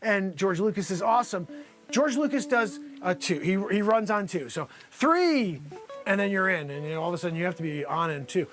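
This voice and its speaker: A man's voice: high-pitched, animated, a little fast, a bit bright, soft background music. A man hosting an improvised comedy news spot, rambling and teasing in a mock-anchor delivery. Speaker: comedy news show host.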